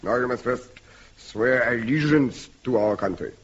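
An actor playing a stern, French-speaking military officer who barks clipped orders, in a 1950s radio comedy. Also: male voice, medium pitch, measured pace, husky. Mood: stiff. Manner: clipped commands, shouts orders. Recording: dull old radio recording.

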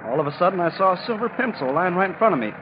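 An actor playing a plain-spoken road worker with a folksy, matter-of-fact manner, in 1940s radio acting. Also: male voice, high-pitched, expressive, racing. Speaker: road worker who found the body. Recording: dull old radio recording, outdoor noise.

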